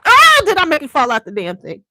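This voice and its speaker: A woman's voice: fairly high pitch, sing-song, fast talker, a bit bright, no room sound. Woman, casual livestream chat, chatty and loose, swears freely, dry clip-on mic sound, at home. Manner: chatty, swears freely, talks straight to viewers. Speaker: beauty channel host.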